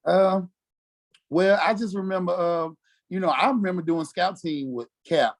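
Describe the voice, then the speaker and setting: A former football player from Mississippi, telling stories casually and acting out quotes with lots of "you know what I'm saying". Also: male voice, sits high, moderate pace. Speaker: former NFL fullback, podcast guest. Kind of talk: casual storytelling interview.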